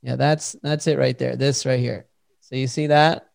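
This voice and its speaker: A man hosting a podcast, telling a story in a lively, casual way and swearing freely. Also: medium pitch, moderate pace, gravelly, no echo, clean studio sound. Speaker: podcast host.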